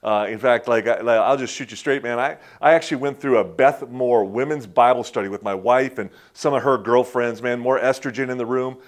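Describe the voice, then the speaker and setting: A man's voice: mid-range voice, brisk, few pauses. A man in his fifties preaching a conversational sermon, telling personal stories in a folksy way with many restarts and chuckles. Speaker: pastor.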